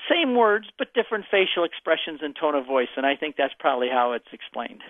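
A man's voice: a little high, expressive, brisk, hardly any pauses, no room sound. An older man answering callers' faith questions on a call-in radio show, telling stories and acting out the voices. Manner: storytelling, acts out voices in his answers. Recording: dry, phone-like radio audio.

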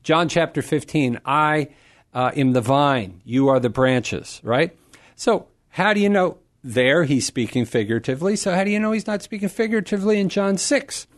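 A middle-aged man teaches Scripture to a caller on a call-in radio show, with a voice pitched a little high for a man. He speaks with emphasis and swings his pitch widely. He sometimes slips into playful crowd voices to make a point. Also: moderate pace. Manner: animated, emphatic, acts out crowd voices for humor. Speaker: Catholic radio host answering a caller.

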